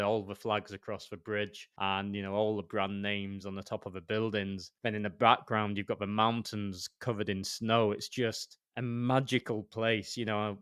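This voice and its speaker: A man's voice: fairly low pitch, a bit bright, clean tone, no room sound, studio quality. A man co-hosting a podcast, chatting enthusiastically as he tells a travel story, with many "you know" fillers. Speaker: podcast co-host. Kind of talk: casual chat.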